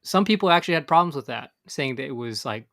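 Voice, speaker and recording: A man's voice: a little high, animated, quick pace, a bit bright. A man, co-hosting a casual fishing podcast and talking in a rambling way with many restarts. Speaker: podcast co-host. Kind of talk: casual chat.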